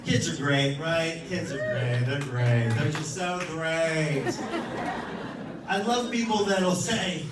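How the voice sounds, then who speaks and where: A man's voice: fairly high pitch, slow pace, background noise. A man in his thirties performing a stand-up set, telling profane, exasperated stories about his family and acting out what they say. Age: 30s. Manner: profane, exasperated storytelling with acted-out quotes. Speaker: stand-up comedian. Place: comedy club stage with a laughing audience. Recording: echoey room, mic heard from a distance, crowd laughter.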